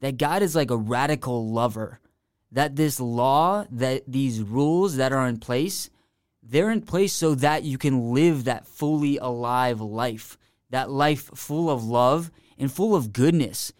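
A man's voice: medium pitch, unhurried, darkish tone, no room sound, studio quality. A young man and podcast guest sharing his faith in an earnest, rambling way, full of restarts and "like". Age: young adult. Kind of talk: casual faith testimony.

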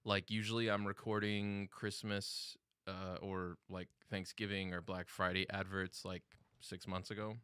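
A man hosting a casual podcast, rambling and joking between fillers. His voice is bright and smooth, recorded close and dry. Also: low-pitched, little pitch movement, unhurried, no echo. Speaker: podcast host.

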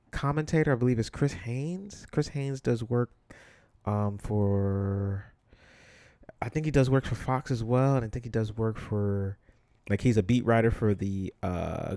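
A man's voice: medium pitch, unhurried, darkish tone, no echo, clean studio sound. A man from the Bronx, New York, hosting a solo podcast in a conversational, blunt way, full of ums and you-knows. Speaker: podcast host. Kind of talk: casual solo podcast commentary.

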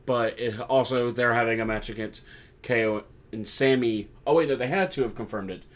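A young man talks through a wrestling recap in a loose, chatty podcast style, slipping into little acted-out voices whenever he quotes someone. His voice sits at an ordinary middle pitch. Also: fairly quick. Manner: chatty, acts out quoted lines. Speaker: podcast host. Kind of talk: casual wrestling recap chat.

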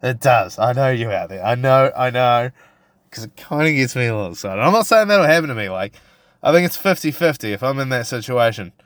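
A brash young New Zealand man rants on his own podcast, swearing freely and goading his listeners. His voice sits at a middling pitch and sounds close and dry, with no room around it. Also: lively intonation, a little fast, fairly bright tone, dry recording. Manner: crude, profane and provocative, full of restarts. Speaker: podcast host. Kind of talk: casual solo podcast rant.

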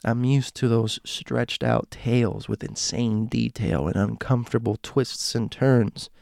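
A man telling a story casually, slowing and dropping to a hush at suspenseful moments with dramatic pauses. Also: mid-range voice, creaky, no room sound, clean studio sound.

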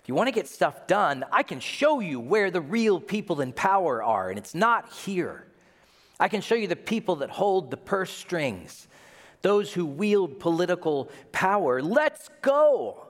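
A preacher voicing an impatient man who pleads in a strained, high voice, heard with long hall reverb. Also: fairly even intonation, brisk, few pauses, husky. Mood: impatient pleading. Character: impatient grown man pleading, pushy and restless.

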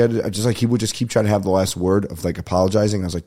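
A young man rants through a comic story on a podcast, swearing freely and slipping into quick impressions of the people he dealt with. His voice sits fairly low and sounds mellow and relaxed rather than sharp. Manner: profane, ranting, acts out phone calls. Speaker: podcast host. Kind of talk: casual comedic storytelling.

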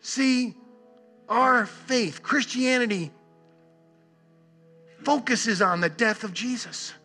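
A man preaching a sermon earnestly, leaning on repeated words and long pauses. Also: sits high, bright, forceful tone, slightly rough, faint music behind. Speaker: pastor.

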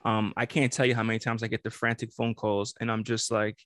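A man with a mid-range voice talks through ideas on a casual podcast, relaxed and reflective, with some swearing. The recording is dry and close. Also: medium pitch, fast talker, few pauses, dry recording. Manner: casual, profane, reflective, affirming. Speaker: podcast co-host.

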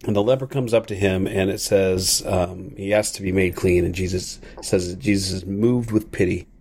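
A man hosting a podcast, giving an earnest, thoughtful devotional talk at an unhurried pace. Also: low-pitched, steady tone, darkish tone, a little hiss or hum.

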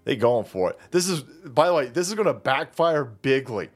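A man's voice: mid-range voice, lively intonation, moderate pace, breathy edge. A man hosting a commentary show, delivering a foul-mouthed, mocking political rant.

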